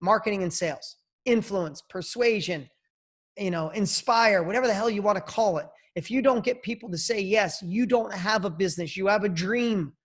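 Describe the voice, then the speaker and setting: A man's voice: sits high, normal speed. Emphatic, punchy man telling a story. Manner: emphatic, punchy, talks in bursts. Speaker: podcast guest, entrepreneur. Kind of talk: motivational storytelling.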